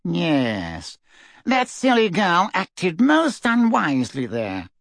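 A man's voice: high voice, wildly swooping pitch, slow pace, vocal fry, a bit bright, dry recording, pitched above the performer's own voice, full character voice. A man voicing a cold, snide old male wizard in a talking portrait, imperious and supercilious, in a storybook reading. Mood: haughty.

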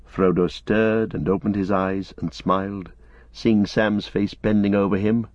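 A man narrating an audiobook with measured storytelling, on a dull lo-fi recording. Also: lowish voice, little pitch movement, a little mellow, no room sound.

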